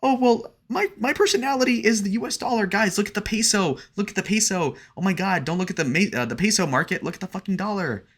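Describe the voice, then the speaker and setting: Brief: shrill, whiny airhead woman, mocked in falsetto by a man. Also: animated, fast, hardly any pauses, fairly bright tone, husky, heavily acted. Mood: mocking. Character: mocking airheaded young woman, high and whiny.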